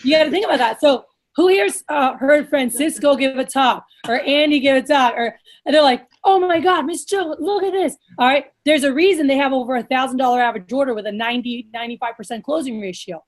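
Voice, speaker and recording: A woman coaching sales managers in a blunt, energetic, casual way, swearing now and then and acting out lively sales pitches, heard over a video call. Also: fast.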